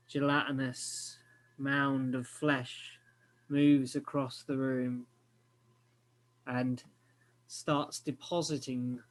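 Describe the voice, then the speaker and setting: A man narrates a tabletop session as game master in an unhurried, halting way, pausing on filler words as he paints each scene. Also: medium pitch.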